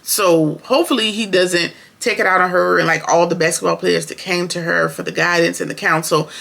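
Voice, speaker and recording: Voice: mid-range voice, steady tone, fairly quick, vocal fry, a bit bright. A show reviewer recapping an episode in casual, opinionated, slangy chat, talking straight to viewers.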